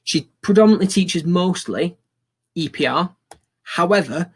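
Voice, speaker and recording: A young man teaching a recorded school lesson, upbeat and encouraging, repeating phrases for learners to copy. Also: fairly high pitch.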